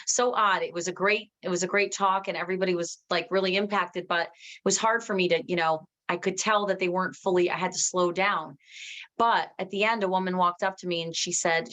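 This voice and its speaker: A woman giving an emphatic motivational training talk to her team, talking quickly and restarting often. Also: lowish voice. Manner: energetic, emphatic, reads out viewers' comments.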